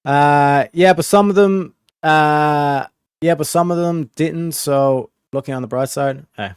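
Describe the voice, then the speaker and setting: A man talks to his stream chat in a loose, rambling way, full of "like" and the odd curse. His voice sits a bit high for a man. The sound is close and dry, with no room around it. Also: unhurried, clean tone, dry recording. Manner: rambling, chatty, swears freely, lots of "like". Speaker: livestream host. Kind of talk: casual livestream chat.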